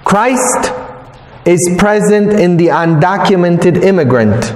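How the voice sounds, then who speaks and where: A priest teaching a Bible study, telling stories with earnest, repeated emphasis. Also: male voice, sits high, lively intonation, slow, darkish tone. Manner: earnest, repetitive emphasis, storytelling. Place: parish hall or church. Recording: echoey hall recording.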